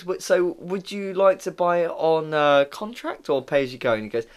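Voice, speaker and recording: A man's voice: fairly high pitch, a little fast, hardly any pauses. A young man from England telling a story in casual chat, swearing freely and acting out customers in changed voices. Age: young adult.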